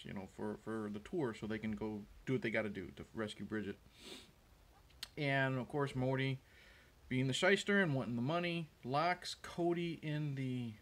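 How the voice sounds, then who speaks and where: Guy rambling through a movie scene recap, lots of ums, ordinary mid pitch. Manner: rambling, hesitant, many fillers and restarts. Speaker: host. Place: room with a window.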